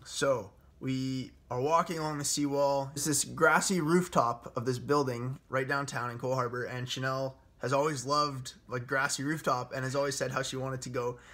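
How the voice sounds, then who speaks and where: A young man in his twenties telling a story in a casual chat, animated and laughing often. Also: mid-range voice, moderate pace, hardly any pauses.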